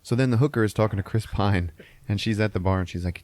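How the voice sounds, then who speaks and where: A man's voice: lowish voice, fast, a little mellow, dry recording. A man hosting a podcast, casually retelling a movie scene by scene, acting out lines and swearing often. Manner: retells scenes with acted-out quotes and frequent swearing. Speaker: podcast host.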